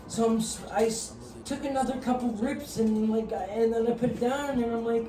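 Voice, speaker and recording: Animated, swearing man telling a story. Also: very high-pitched, normal speed. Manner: animated, swearing, laughing through stories. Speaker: guest. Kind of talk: casual storytelling. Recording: roomy echo, distant mic, music behind. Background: music.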